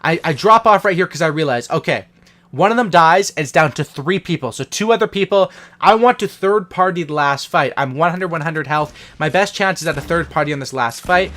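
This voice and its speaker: A young man with a fairly high voice walks through his own match in post-game commentary, casual and excited. He talks like a gaming channel host to his viewers, hyped about every play. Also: brisk. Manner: hyped, casual gamer talk.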